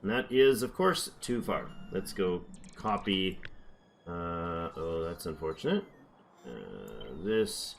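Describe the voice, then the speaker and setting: A man's voice: deep voice, sing-song, slow pace, vocal fry, a little hiss or hum. A man giving casual gameplay commentary, chatty and thinking aloud as he builds, now and then slipping into playful accents. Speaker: gameplay streamer.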